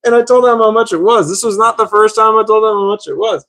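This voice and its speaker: A man's voice: high-pitched, quick pace, a bit bright. A man telling a story in casual talk, rambling, repeating himself and swearing. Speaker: vlogger.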